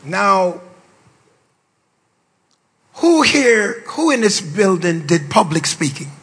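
An older man, a bishop, preaching a sermon to pastors with playful, boastful asides, drawling low and then bursting into shouts. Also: sing-song, slow, breathy edge. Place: large hall. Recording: long reverb of a large hall.

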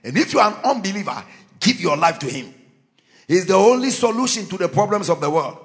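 Male pastor preaching, high voice that jumps all over, gets loud and shouty a lot. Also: big pitch swings, fast. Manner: fervent preaching with sudden shouts. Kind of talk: Christmas sermon. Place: church.

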